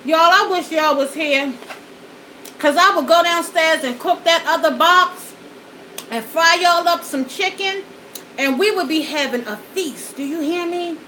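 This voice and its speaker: A mukbang vlogger eats at home in front of a backdrop and studio lights, chatting folksily to viewers. Her voice is very high, bright and forceful, unhurried, on a low-quality recording with slight background noise.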